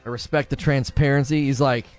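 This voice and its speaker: A man's voice: medium pitch, steady tone, fairly quick, soft background music. A man hosting a live stream in casual chat. He argues animatedly and laughs often. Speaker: livestream host.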